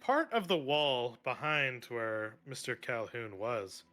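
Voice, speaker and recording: A man's voice: medium pitch, big pitch swings, sharp tone, soft background music. A man narrating as game master of a tabletop role-playing game, speaking hesitantly with many fillers and laughs. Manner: slow, hesitant, laughs often.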